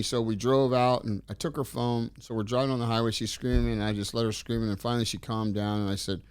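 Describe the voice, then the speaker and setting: A middle-aged man telling stories in a casual interview, rambling and animated as he acts out the dialogue. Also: mid-range voice, fairly quick, clear, resonant tone, dry recording, clean studio sound. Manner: rambling, animated storyteller acting out quoted dialogue. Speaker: interview guest.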